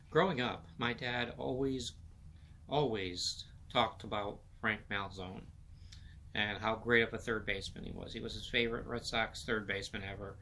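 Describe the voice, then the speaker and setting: Middle-aged male podcast host, bright, forward voice, loose rambling delivery, faint hiss behind. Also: medium pitch. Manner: rambling, filler-heavy, repeats words. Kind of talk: casual solo sports chat.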